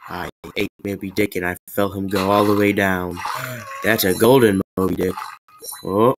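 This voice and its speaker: A man giving rambling, excitable, self-mocking gameplay commentary. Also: deep voice, moderate pace, noisy background. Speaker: gamer.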